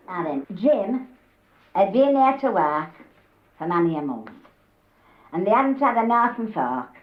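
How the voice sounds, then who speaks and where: A woman's voice: medium pitch, a little slow. Older Yorkshire woman telling dialect tales. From Yorkshire, England. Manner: lively, acts out the characters' voices. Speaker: dialect storyteller. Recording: roomy, dull old cassette tape.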